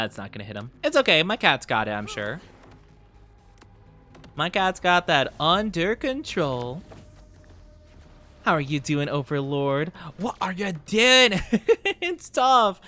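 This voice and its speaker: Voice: mid-range voice, bright, forceful tone. A streamer giving casual, chatty commentary while playing a game, often laughing and greeting chat at a desk microphone. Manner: chatty, giggly, talks to chat.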